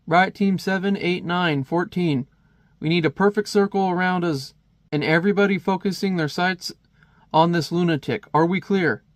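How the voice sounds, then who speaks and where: A man's voice: high voice, normal speed, dry recording, clean studio sound, pitched above the performer's own voice, close to an everyday voice. A man reading the lines of a squad commander giving orders in a comic. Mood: commanding. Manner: barking orders. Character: stern male squad commander.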